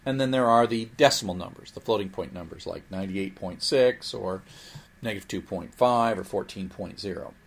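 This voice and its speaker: A man teaching programming in a recorded lecture, explaining in a lively way with playful asides. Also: fairly low pitch, normal speed, breathy edge. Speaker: programming instructor.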